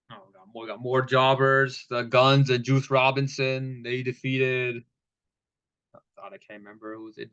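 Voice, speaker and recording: Casual male wrestling reviewer, mid-pitched, rambling and profane, on muffled lo-fi audio. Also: a bit bright, smooth. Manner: loose, rambling, profane, with laughs. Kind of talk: casual recap commentary.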